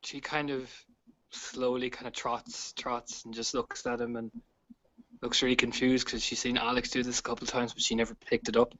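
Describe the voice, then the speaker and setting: A man's voice: medium pitch, flat delivery, normal speed. A man playing a tabletop role-play game, hesitantly describing what his character does, with many fillers. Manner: hesitant, filler-heavy, with soft laughs. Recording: dull lo-fi audio.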